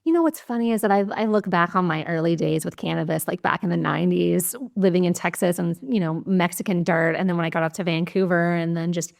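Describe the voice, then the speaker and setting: A woman hosting a podcast, telling stories in a candid, animated way and swearing casually. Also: lowish voice, fast talker, vocal fry, few pauses. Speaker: podcast host. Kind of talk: casual conversational interview.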